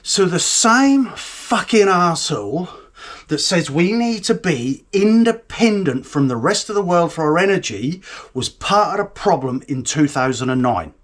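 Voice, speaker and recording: A man's voice: high-pitched, expressive, measured pace. A British man hosting his own news channel from home, ranting bluntly and casually, swearing and rambling as he explains things. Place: home, indoors.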